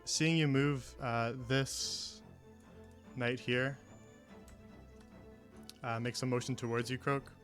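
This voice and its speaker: A man's voice: mid-range voice, level tone, takes it slowly, pauses often, a bit bright, faint music behind. A man running a tabletop game as game master, talking with many ums and restarts. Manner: hesitant, many fillers and restarts.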